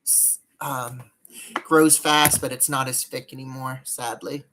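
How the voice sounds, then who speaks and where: A woman's voice: extremely low pitch, level tone, unhurried, noisy background. A woman chatting casually on a live stream while doing her makeup, rambling and greeting viewers by name.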